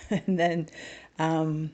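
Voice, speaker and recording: A woman's voice: deep voice, little pitch movement, drawn-out words, a little mellow. A middle-aged woman telling a personal story as a podcast guest, candid and wry, with self-mocking humor. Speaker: podcast guest, spiritual healer.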